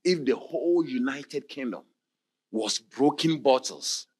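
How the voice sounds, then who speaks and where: A man's voice: medium pitch, a little slow, a little mellow, husky. A man preaching voices a condemned man who pleads with impassioned urgency.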